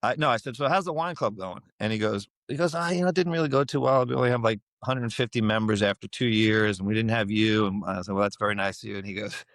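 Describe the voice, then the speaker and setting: Low-voiced man telling his story. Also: fast, few pauses, dry recording. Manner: animated storyteller, acts out quoted voices. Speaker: podcast guest. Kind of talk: storytelling in a casual interview.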